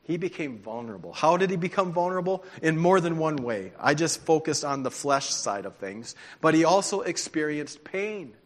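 A man preaching a sermon, telling stories in an animated, conversational way. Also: a little high. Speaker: pastor. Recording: long hall reverb.

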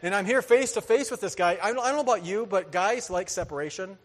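A man preaching a sermon, telling a story with lively energy, acting out voices and laughing often. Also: high voice, quick pace. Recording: hall reverb.

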